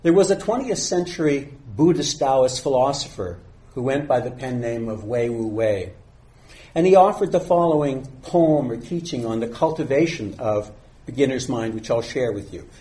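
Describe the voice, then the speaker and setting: Calm man giving a meditation talk. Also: mid-range voice. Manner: calm, unhurried, reads a teaching poem slowly. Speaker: meditation teacher. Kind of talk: dharma talk.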